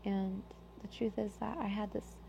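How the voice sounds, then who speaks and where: A young woman giving an earnest personal share in a support group, talking haltingly with many restarts. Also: little pitch movement, gravelly, warm tone. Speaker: group member sharing. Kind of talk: personal sharing. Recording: muffled low-fidelity audio with faint hum.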